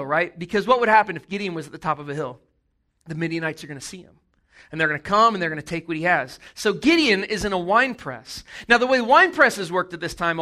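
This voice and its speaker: A man preaches in a relaxed, conversational way, telling the story with jokes and quick asides. His voice sits high and sounds bright and forward. He acts out the characters as he goes. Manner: animated, jokey storytelling with acted-out voices. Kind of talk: casual sermon.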